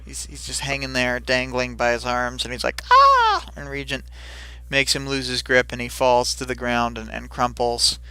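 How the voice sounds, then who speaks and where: A man's voice: mid-range voice, level tone, normal speed, sharp tone, clean tone, dry recording. A man casually recapping a story chapter on a livestream, rambling with many fillers and brief silly voices for the characters. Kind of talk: casual recap of a fight scene.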